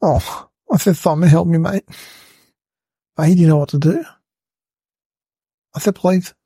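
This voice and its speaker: A man voicing an excitable, rambling young schoolboy, telling a comedic story. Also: on the high side, a little slow, breathy edge, no room sound. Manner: breathless rambling storyteller, lots of "like" and "guys".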